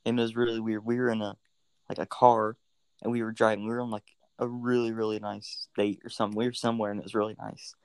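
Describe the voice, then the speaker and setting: Flat-voiced man, loose casual chat. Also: on the low side, quick pace, smooth, no echo. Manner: loose, filler-heavy storytelling. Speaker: podcast guest.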